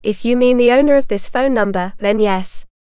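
A woman reading the part of a calm, self-assured woman who answers in a matter-of-fact way. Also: on the high side, normal speed, clear, resonant tone, no echo, clean studio sound, natural voice.

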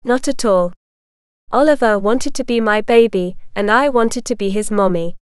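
A woman reading the part of a calm, self-assured woman who answers in a matter-of-fact way. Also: medium pitch, moderate pace, clear, resonant tone, no echo, studio quality, close to an everyday voice.

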